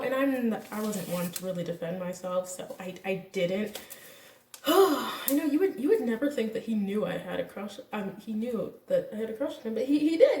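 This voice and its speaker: A young woman vlogger casually telling a personal story, candid and animated, acting out what people said. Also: medium pitch, far from the mic. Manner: candid, animated retelling with quoted voices and laughs. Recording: echoey room, voice a bit off-mic.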